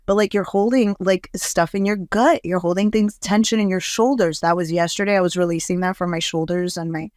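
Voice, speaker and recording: A woman's voice: on the low side, fairly even intonation, brisk, few pauses, darkish tone, no room sound, studio quality. A woman hosting a podcast, talking casually and reflectively with frequent fillers. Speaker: podcast host. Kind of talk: casual conversation.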